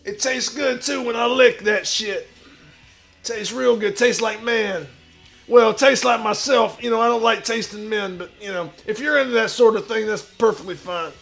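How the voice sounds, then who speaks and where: With faint music in the background, a guy on a comedy stream improvises in character at normal speed. His wrestler voice is super high, gravelly, bright and sharp, shouting with swaggering bravado. He plays a washed-up pro wrestler, crude and braggy, who talks about himself in the third person.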